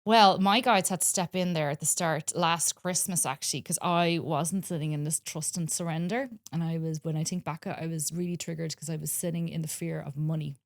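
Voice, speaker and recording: A woman talking earnestly in a casual podcast chat, telling stories with many pauses and ums. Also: low voice, steady tone, no room sound, clean studio sound. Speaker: spiritual wellness guest.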